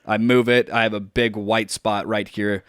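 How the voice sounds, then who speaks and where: A man's voice: fairly low pitch, flat delivery, normal speed, fairly bright tone, clear, resonant tone, no echo, studio quality. A young man co-hosting a podcast, chatting casually in a rambling, joking way with lots of fillers. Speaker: podcast co-host. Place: at home on a video call.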